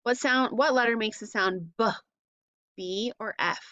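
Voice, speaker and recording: A woman teaching phonics to young children, sounding out letters slowly and asking encouraging questions. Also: a little high, sharp tone, no room sound, highs cut off.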